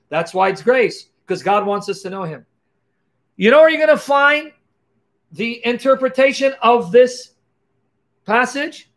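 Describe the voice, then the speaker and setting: A man giving an animated apologetics teaching, emphatic and full of rhetorical questions, punctuating points with exclamations. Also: extremely high pitch, measured pace, long pauses. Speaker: Christian apologist.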